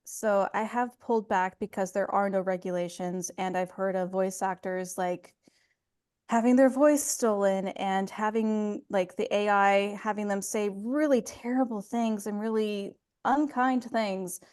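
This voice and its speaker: A woman's voice: medium pitch, a little slow, clean tone. Candid young woman voice actor. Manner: laughs easily, relaxed and candid. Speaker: voice actor guest. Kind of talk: casual interview chat.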